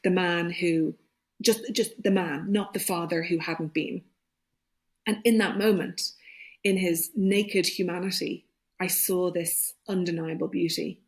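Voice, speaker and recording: Reflective woman recounting a memory. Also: mid-range voice. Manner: reflective, searching for words, many restarts. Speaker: podcast guest. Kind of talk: personal storytelling in conversation.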